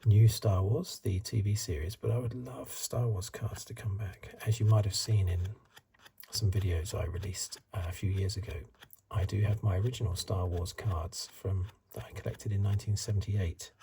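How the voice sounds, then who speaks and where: A middle-aged man hosting a soft-spoken ASMR card review, rambling in asides and drifting into whispers, recorded close to the mic. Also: fairly low pitch, fairly even intonation, moderate pace, vocal fry, a little hiss or hum. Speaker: ASMR channel host.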